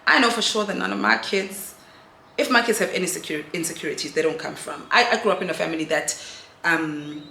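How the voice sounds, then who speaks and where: Low-voiced South African woman vlogging candidly. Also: brisk, gravelly, sharp tone. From South Africa, Durban. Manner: rambling, candid, self-digressing. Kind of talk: candid confessional vlog chat. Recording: echoey room, faint noise.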